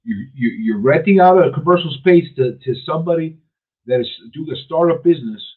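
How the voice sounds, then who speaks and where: A man's voice: a little high, animated, brisk, husky. A man hosting a talk radio show, giving an emphatic, opinionated monologue and often restarting his sentences. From New York City. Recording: tinny phone-like radio audio.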